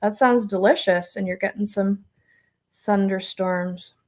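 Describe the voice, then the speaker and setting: A woman's voice: medium pitch, steady tone, measured pace, darkish tone. A middle-aged American woman hosting a casual homestead livestream, chatting rambly and reading viewer comments with frequent laughs.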